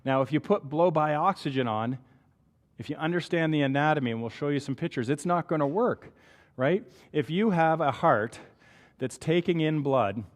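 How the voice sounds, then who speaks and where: A man's voice: on the high side, normal speed. Canadian man lecturing in a reverberant hall. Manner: conversational, asks "right?" often. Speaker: physician lecturer. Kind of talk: medical lecture.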